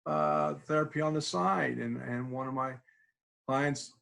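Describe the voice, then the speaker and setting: A man's voice: fairly high pitch, unhurried, gravelly, a bit bright. A man teaching a class, walking students through a tapping exercise and repeating phrases as he demonstrates. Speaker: instructor.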